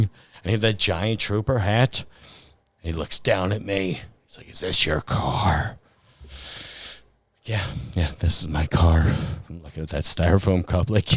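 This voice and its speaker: A man's voice: low-pitched, a little mellow, no echo. A man with a Midwestern American accent telling a rambling, profane story in casual podcast chat. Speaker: podcast host.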